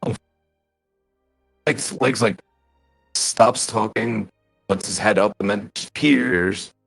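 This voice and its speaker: A man playing a tabletop game, slowly narrating what his character does. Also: fairly low pitch, steady tone, gravelly, a bit bright, dry recording, clean studio sound, faint music behind. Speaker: player. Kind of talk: casual tabletop game chat.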